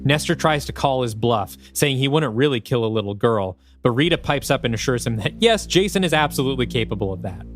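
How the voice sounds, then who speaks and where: A man co-hosting a podcast, narrating a story pitch in an animated, thinking-aloud way. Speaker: podcast co-host.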